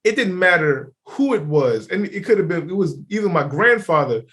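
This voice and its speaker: A man's voice: high-pitched, very animated, moderate pace, fairly bright tone. A man co-hosting a podcast in casual chat, rambling with many fillers and speaking emphatically. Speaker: podcast co-host.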